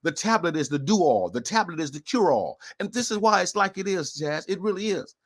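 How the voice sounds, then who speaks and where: A man's voice: sits high, expressive, a little fast. A man co-hosting a talk show, speaking in an emphatic, preachy way and repeating his points. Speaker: co-host.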